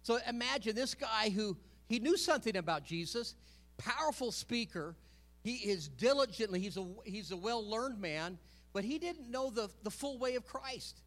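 A man with a high-pitched voice preaches in a loose, conversational sermon. He often stumbles, repeats words and corrects himself. Now and then he calls out to the congregation for an answer. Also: lively intonation, moderate pace, fairly bright tone.

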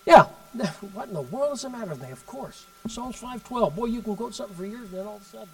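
Man preaching, fairly high voice, emphatic delivery, loud then hushed, heard from a distance. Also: animated, racing. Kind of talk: sermon storytelling.

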